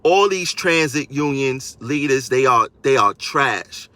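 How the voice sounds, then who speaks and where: A man's voice: medium pitch, lively intonation, slow, sharp tone, no room sound. A man, a transit union member, ranting on a live stream to his viewers in a combative way and repeating phrases for emphasis.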